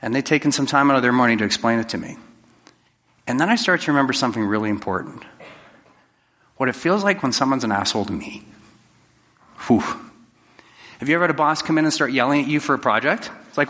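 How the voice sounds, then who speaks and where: A man's voice: medium pitch, quick pace, pushed and bright, long reverb tail. A man giving a conversational, jokey talk to a live audience, acting out quoted exchanges. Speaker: public speaker.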